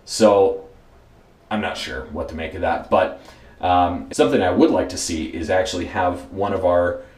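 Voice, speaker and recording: A man's voice: sits low, moderate pace, a little mellow. A man hosting a casual product review, easygoing and repeating words for emphasis, with frequent fillers. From United States. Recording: roomy echoey room.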